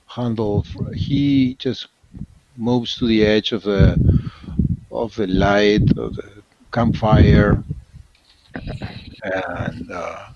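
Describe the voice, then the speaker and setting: A man playing a tabletop game, describing his character's actions in a drawn-out, halting way. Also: lowish voice, steady tone, darkish tone, lo-fi sound, a little hiss or hum. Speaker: player. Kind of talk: casual tabletop play.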